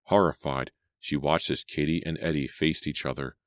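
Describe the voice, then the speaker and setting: A man narrating a suspense audiobook in a measured, suspenseful way. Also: very deep voice, steady tone, dry recording, clean studio sound. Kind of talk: dramatic audiobook reading.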